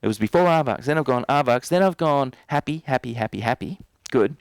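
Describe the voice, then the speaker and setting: A man's voice: medium pitch, animated, brisk, gravelly, smooth, no room sound. A man teaching a live workshop, talking to the group in a casual, playful, teasing way. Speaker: NLP trainer. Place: training room.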